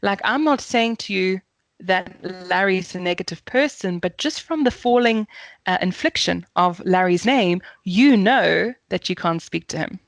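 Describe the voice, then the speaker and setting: A woman's voice: mid-range voice, expressive, normal speed, creaky, no room sound. A woman with a South African accent, a communications coach explaining voice technique in a podcast interview, often demonstrating intonation.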